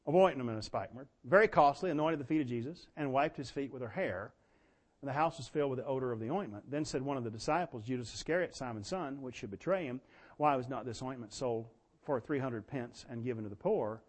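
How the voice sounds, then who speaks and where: A man preaching a sermon, telling folksy stories and swinging from quiet asides to loud, emphatic bursts. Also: mid-range voice, quick pace.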